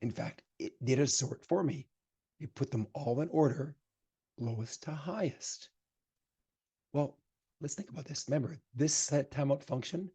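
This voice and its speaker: A man leads a programming lecture, coding live and talking through each step as he types. His voice is husky and mellow, at an ordinary middle pitch. He grows emphatic when he hands out advice. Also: normal speed. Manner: chatty, thinks aloud while typing code. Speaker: programming instructor.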